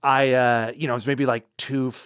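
A man's voice: mid-range voice, little pitch movement, moderate pace, fairly bright tone, clean tone, dry recording, clean studio sound. A man hosting a podcast, chatting casually with laid-back, joking banter. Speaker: podcast host.

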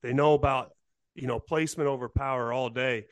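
A man guesting on a podcast, talking loosely and laid back with many pauses and fillers. His voice is mid-pitched, and the recording is dry. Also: no echo. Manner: relaxed, rambling, halting with fillers. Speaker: podcast guest, former player. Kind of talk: casual interview chat.

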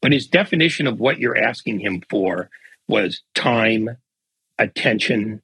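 Raspy older man telling a wry story. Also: fairly low pitch, lively intonation, a little slow, fairly bright tone. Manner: dry, wry anecdotal delivery. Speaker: guest sportswriter. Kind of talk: casual podcast storytelling.

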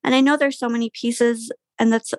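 A woman's voice: on the high side, steady tone, a little fast, dry recording, clean studio sound. A young woman guest telling a personal story in casual conversation, candid, with frequent fillers and sighs.

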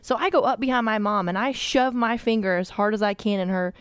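A woman's voice: medium pitch, fairly quick, smooth, dry recording, studio quality. Laughing woman telling stories. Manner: animated, laughing through her stories. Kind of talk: casual storytelling chat.

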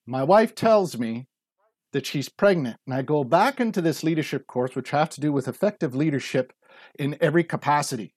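A man's voice: on the high side, lively intonation, a little fast, darkish tone, no echo. Earnest man in his forties, dry sound. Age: 40s. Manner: earnest, storytelling, acts out quotes. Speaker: guest. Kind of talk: casual interview talk.

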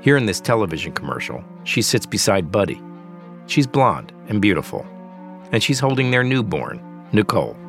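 Lively low-voiced male narrator over music. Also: normal speed. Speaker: documentary narrator. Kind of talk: scripted narration. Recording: music bed under the voice.

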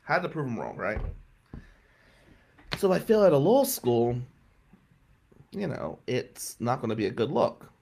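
A man's voice: mid-range voice, very animated, measured pace, creaky, long pauses, darkish tone, a little hiss or hum. A brash, blunt man telling stories from law school in a casual way, swearing as he goes. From New Jersey. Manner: brash and blunt, swears, voice climbs sharply when riled up. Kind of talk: casual storytelling.

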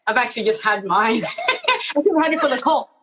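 A woman's voice: a little high, wildly swooping pitch, a little fast, fairly bright tone, poor audio. A woman therapist from Zambia, a guest on a podcast, chatting in a bubbly, affirming way over a video call. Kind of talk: casual video-call chat.

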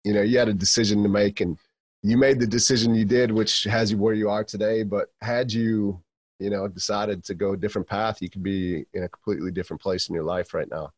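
A man's voice: fairly low pitch, steady tone, fairly quick, dry recording. A man hosting an interview, laughing along and answering with short agreements before asking longer questions. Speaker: interview host. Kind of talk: podcast interview.

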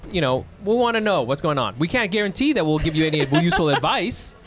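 A man's voice: a little high, big pitch swings, fast, very noisy. A man co-hosting a podcast, chatting casually with lots of fillers and jokes. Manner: rambling, filler-heavy, joking. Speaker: podcast co-host.

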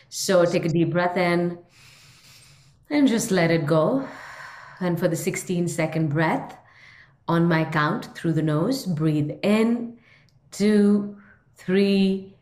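Slow, calm woman breathing coach. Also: fairly low pitch, echoey room. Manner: slow, calm counting aloud. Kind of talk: guided breathing exercise.

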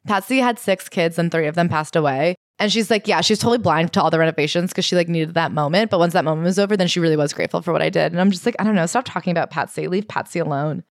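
Fast-talking sarcastic woman podcaster. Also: on the low side, no echo, studio quality. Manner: sarcastic, quick reading of quotes. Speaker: podcast co-host. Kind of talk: casual comedic book recap.

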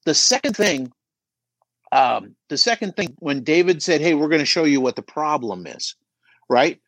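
A middle-aged man coaching on a podcast, emphatic and animated, asking rhetorical questions as he talks. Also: on the high side, moderate pace, no room sound. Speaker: auto shop business coach guest. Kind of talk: podcast conversation.

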